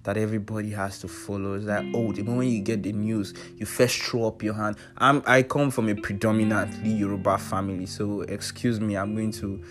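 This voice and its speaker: Earnest Nigerian man, low voice. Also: little pitch movement, fairly quick, hardly any pauses. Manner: earnest, emphatic, repeats himself for stress. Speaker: vlogger sharing personal advice. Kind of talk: casual heartfelt monologue. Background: soft guitar music.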